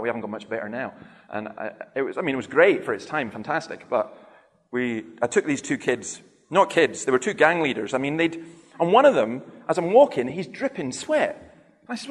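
A middle-aged man preaching a sermon as an animated storyteller who acts out the voices he quotes. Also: medium pitch. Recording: long hall reverb.

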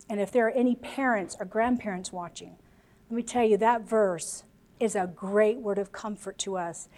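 A woman's voice: mid-range voice, normal speed, a little mellow. An American woman preaching a sermon to a congregation, earnest and emotional, with chatty asides. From United States.

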